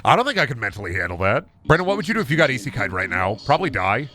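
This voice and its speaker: Fast-talking goofy young male streamer. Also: sing-song. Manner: fast, rambling and goofy, often loud and high when joking. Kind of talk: casual gaming stream chat.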